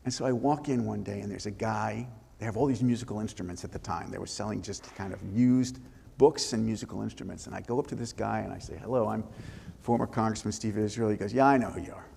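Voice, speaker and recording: An older man, an author, telling lively anecdotes with restarts in a live interview before an audience. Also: on the low side, quick pace, creaky, a little hiss or hum. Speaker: author and former congressman. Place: synagogue hall before an audience. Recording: long reverb of a hall.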